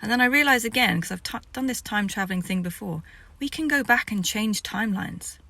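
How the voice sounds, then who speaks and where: A woman's voice: medium pitch, a little fast, gravelly, pushed and bright, dry recording. A woman, a spiritual vlogger, telling the story of a vision in a rambling way that sometimes drops to a whisper.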